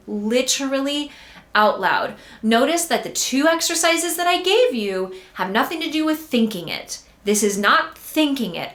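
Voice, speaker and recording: A woman's voice: on the high side, fairly bright tone. A woman hosting a singing podcast, coaching listeners through exercises in a direct, encouraging way from her desk. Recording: roomy echo.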